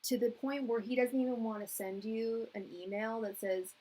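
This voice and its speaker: A woman's voice: on the high side, fairly even intonation, moderate pace, hardly any pauses, dark tone, breathy edge, rough recording. A young woman giving a live-stream tarot reading, chatty and emotional, with frequent laughter. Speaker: tarot reader.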